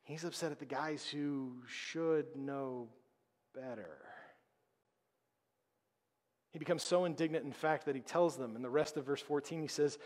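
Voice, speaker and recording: Man pastor, conversational emphatic sermon, slightly high voice, long church reverb. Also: darkish tone. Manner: conversational, emphatic preaching with dramatic pauses. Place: church sanctuary.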